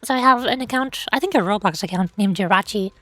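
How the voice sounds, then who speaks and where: A woman hosting a livestream, chatting casually in a playful, excitable way and teasing her chat with mock indignation. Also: medium pitch, quick pace, no echo, soft background music. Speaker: livestream host.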